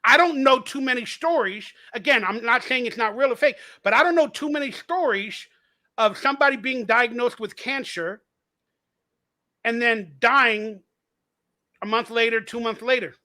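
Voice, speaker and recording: A man's voice: extremely high pitch, normal speed, bright, forceful tone. A man in a casual podcast conversation, talking in long, rambling, emphatic stretches as he argues his point.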